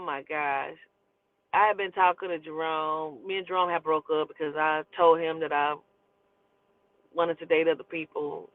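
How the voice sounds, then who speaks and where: A woman telling a casual storytime monologue, profane and animated, often breaking into laughter. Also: on the low side, no room sound. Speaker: storytelling host. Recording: tinny phone-like audio.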